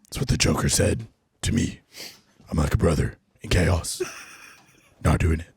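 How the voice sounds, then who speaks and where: A gravelly, growling Batman. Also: full character voice. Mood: gruff. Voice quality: deep gravelly rasp. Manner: slow growling deadpan delivery. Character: gruff brooding male superhero vigilante. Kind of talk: comedic impression in a podcast game.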